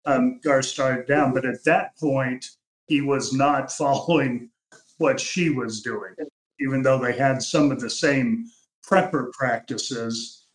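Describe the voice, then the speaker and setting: An older man speaking as a podcast guest, measured and reflective, often restarting his sentences. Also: medium pitch, steady tone. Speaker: podcast guest, uncle of the family. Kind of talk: reflective interview talk. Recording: echoey room.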